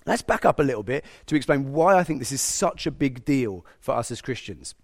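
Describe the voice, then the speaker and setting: A man preaching a sermon, animated and sometimes speaking God's thoughts aloud. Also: mid-range voice, a little fast. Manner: animated, acts out God's inner voice.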